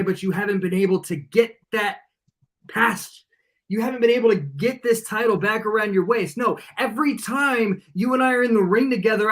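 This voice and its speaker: A man, a pro wrestler, cutting a cocky, taunting promo that drops to a low, menacing tone. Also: a bit bright.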